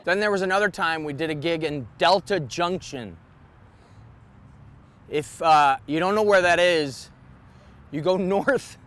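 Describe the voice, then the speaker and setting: Man, fairly high voice, comedian in an interview, chuckles through his story. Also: a bit bright.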